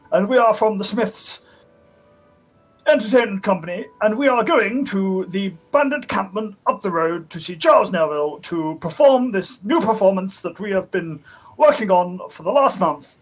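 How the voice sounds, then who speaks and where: A man's voice: high-pitched, husky, low-quality recording. A man voicing a nervous, posh-talking male traveling actor who stammers and repeats himself.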